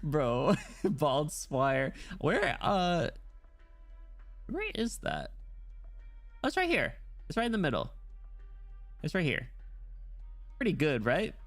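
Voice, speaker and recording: A male streamer chatting excitedly and rambling, breaking into sudden high squeals of delight. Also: takes it slowly, long pauses, faint music behind. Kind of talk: casual livestream chat while reading a game story.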